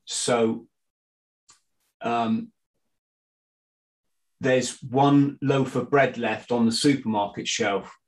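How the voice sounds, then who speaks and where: A middle-aged man, a guest in a casual conversation, talking in a halting way with frequent restarts and fillers. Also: mid-range voice, steady tone, low-quality recording. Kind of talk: casual conspiracy chat.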